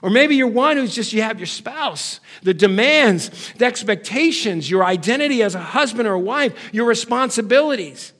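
A pastor with a notably high voice delivers a sermon to his congregation. He peppers them with rapid rhetorical questions, swinging from loud calls to hushed, low asides. Now and then he slips into nagging family voices to get a laugh. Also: animated. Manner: puts on nagging family voices for comic effect.

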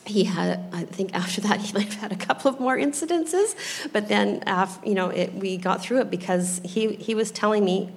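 A woman's voice: medium pitch, moderate pace, gravelly, few pauses, slight background noise. A woman in her thirties telling a personal faith story in a casual chat, hesitant and full of ums, close to tears as she speaks. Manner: hesitant, with many ums, tearful when moved. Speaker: guest sharing a testimony.

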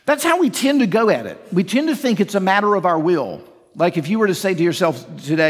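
A man's voice: sits high, big pitch swings, fast, breathy edge, long reverb tail. A man preaching a sermon as pastor, earnest, asking the congregation rhetorical questions and acting out imagined inner voices. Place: church sanctuary.

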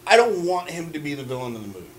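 A man's voice: a little high, sing-song, rapid-fire, a little hiss or hum. A man co-hosting a casual chat, talking in an earnest, emphatic way with hesitant fillers.

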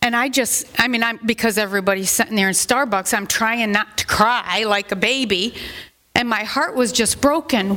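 A woman's voice: on the high side, normal speed, pushed and bright. A middle-aged woman pastor giving a sermon in a conversational, rambling way, with asides that rise into emphatic questions.

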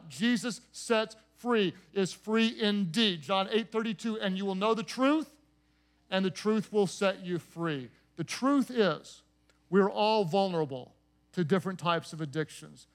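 A man with a high-pitched voice preaches with fervor. He leads repeated call-and-response chants and climbs into loud, ringing declarations. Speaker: pastor. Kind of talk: sermon.

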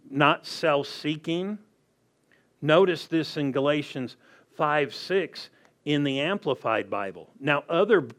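Slow, deliberate male preacher. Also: a little high. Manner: rhetorical questions to the congregation. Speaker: pastor. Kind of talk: sermon.

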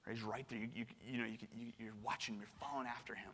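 Animated man preaching in a reverberant hall. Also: mid-range voice, very fast, hardly any pauses. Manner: animated, casual, slangy, with frequent restarts. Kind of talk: casual conversational sermon.

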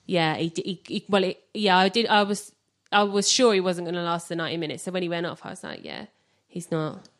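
Lowish-voiced woman in chatty fan talk. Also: steady tone, fast talker. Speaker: podcast guest. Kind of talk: casual football fan chat.

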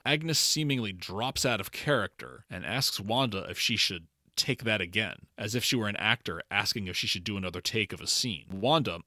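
Bright-voiced man recapping a show. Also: fairly low pitch, no echo, clean studio sound. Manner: chatty, opinionated, laughs now and then. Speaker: podcast co-host. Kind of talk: casual episode recap.

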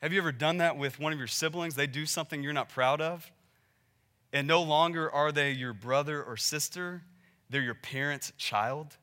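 A man preaching a sermon in a conversational way, building to emphatic peaks and dropping to quiet, pointed asides. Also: fairly high pitch, moderate pace. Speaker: pastor.

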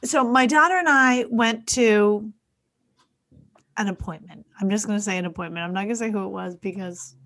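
A woman's voice: medium pitch, moderate pace. A middle-aged woman co-hosting a casual chat, telling stories with lots of laughter and acted-out quotes. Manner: animated storyteller, laughs often, acts out quotes. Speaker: podcast co-host.

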